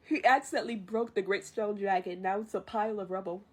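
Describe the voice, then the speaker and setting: Chatty woman streamer recapping a film from memory, breathy voice. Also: mid-range voice, steady tone, quick pace. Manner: chatty, self-amused, loses her place. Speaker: vtuber streamer. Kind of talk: casual retelling of a film from memory.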